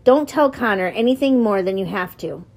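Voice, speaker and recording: A woman's voice: mid-range voice, expressive, normal speed, darkish tone. A woman reading an audiobook, voicing a stern, harsh grown man who scolds his young prisoner. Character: gruff grown man, stern jailer, harsh but grudging.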